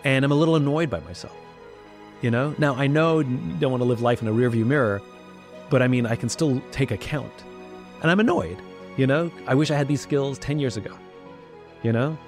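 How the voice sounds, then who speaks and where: A man's voice: medium pitch, fairly quick, faint music behind. Reflective man talking candidly. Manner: reflective, blunt, animated when quoting others. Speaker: podcast guest. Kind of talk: candid conversational talk.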